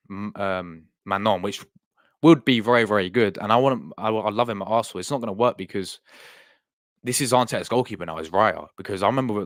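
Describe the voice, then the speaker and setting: A man's voice: on the low side, no echo. A young man chatting casually on a live stream, rambling and repeating himself as he talks to his chat.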